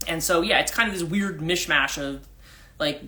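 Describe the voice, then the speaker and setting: A woman's voice: low voice, moderate pace, sharp tone. A woman from the USA with a mixed central New Jersey and British accent, chatting casually as a life coach on a livestream, rambling with many restarts and fillers. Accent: mix of central New Jersey and British.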